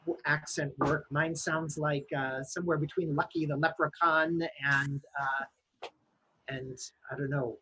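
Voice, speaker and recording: A woman improviser on a video call, talking in halting starts and restarts. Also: sits low, steady tone, a bit bright, husky, muffled recording. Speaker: improv performer. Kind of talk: online improv scene work and chat.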